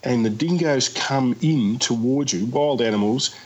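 A man with a husky, slightly rough voice tells travel stories in a loose podcast chat. He speaks with lively, exasperated asides, and his pitch sits at an ordinary middle level. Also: unhurried, muffled recording. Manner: animated storyteller, exasperated asides. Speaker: guest traveller.

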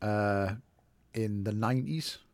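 A man's voice: fairly low pitch, slow pace, no echo. A middle-aged man co-hosting a podcast, telling a story in hesitant, rambling, self-mocking casual chat. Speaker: podcast co-host.

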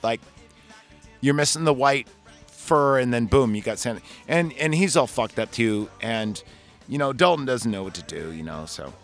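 A man's voice: medium pitch, normal speed, faint music behind. A man hosting a podcast, chatting casually and swearing a lot as he retells a movie in a loose, rambling way. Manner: rambling, profane, animated retelling. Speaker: podcast host reviewing a movie. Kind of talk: casual chat.

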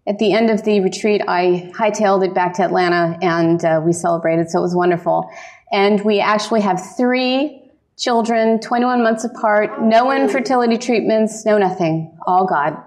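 A woman keynote speaker telling her personal faith story as lively storytelling, laughing often and giving earnest encouragement from a conference stage. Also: mid-range voice. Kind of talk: personal testimony talk.

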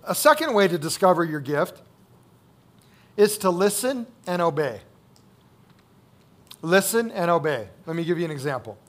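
Male pastor, high voice, conversational sermon delivery, repeats lines for emphasis. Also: fairly bright tone. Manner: conversational, checks in with "right?" and "okay?"; repeats key phrases for emphasis.

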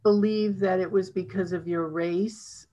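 Low-voiced woman interviewer. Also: steady tone, measured pace, dark tone, poor audio. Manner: probing, follows up with questions.

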